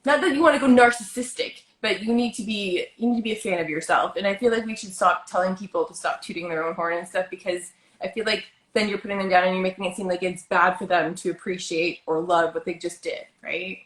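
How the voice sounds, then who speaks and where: A woman's voice: lowish voice, fast, hardly any pauses. A woman hosting a casual chat, talking in a chatty, upbeat way and filling her sentences with "like.". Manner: chatty, many "like" fillers, upbeat. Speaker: host. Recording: roomy echo.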